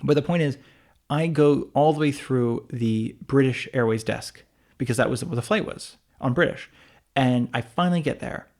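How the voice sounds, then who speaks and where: A man's voice: mid-range voice, normal speed, darkish tone. A man co-hosting a casual podcast chat, telling a long rambling story full of restarts and asides. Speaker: podcast co-host.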